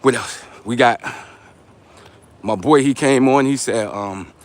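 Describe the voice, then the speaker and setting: A man's voice: medium pitch, slow. A man in his forties with a New York accent, casually chatting on a live stream while walking and teasing viewers in street slang. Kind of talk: casual live-stream chat reading comments.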